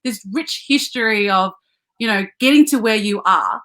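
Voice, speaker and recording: A woman's voice: medium pitch, moderate pace, a bit bright, rough recording. A woman hosting a live online interview show, upbeat as she greets viewers and asks questions. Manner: upbeat, reads out viewer locations.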